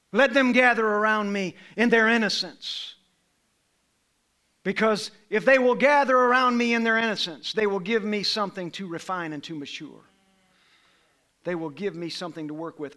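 A middle-aged man preaching a sermon, swinging from low, quiet passages to loud, raised ones.

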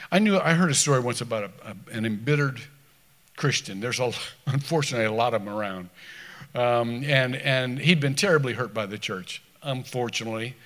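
This pastor's voice is on the high side as he delivers a conversational sermon. He trips over restarts and moves from reading scripture loudly to making quiet asides.

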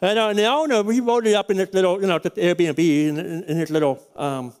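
Man, middle-aged, pastor, high voice, sermon storytelling, folksy, rambling. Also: a little fast, a little mellow, smooth. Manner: folksy and rambling, with frequent restarts.

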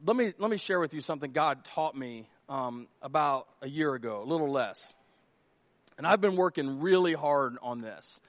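A man preaching a sermon as pastor, telling stories with animated delivery and rhetorical questions to the congregation. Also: a little high, normal speed, no echo.

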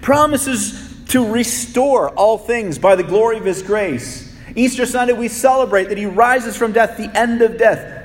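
A man preaching a sermon as pastor, his delivery swinging between soft, low pleading and raised, urgent peaks. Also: measured pace. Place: church sanctuary. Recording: long reverb of a large hall.

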